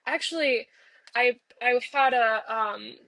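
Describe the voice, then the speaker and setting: Bubbly high-voiced young woman. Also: slow, vocal fry, sharp tone, no echo. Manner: playful and bubbly, many filler "like"s. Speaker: guest speaking as an inner part of herself. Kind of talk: therapeutic parts-work role-play.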